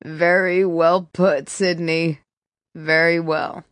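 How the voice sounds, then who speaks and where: A woman voicing a calm, sarcastic male mentor in an audiobook, teasing and unhurried. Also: lowish voice, no echo, clean studio sound. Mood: amused. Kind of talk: audiobook character reading.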